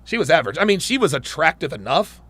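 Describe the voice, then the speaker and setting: Animated, crude livestream host. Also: male voice, a little high, fast. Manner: animated, crude, joking banter. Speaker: livestream host reading chat. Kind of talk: casual livestream chat.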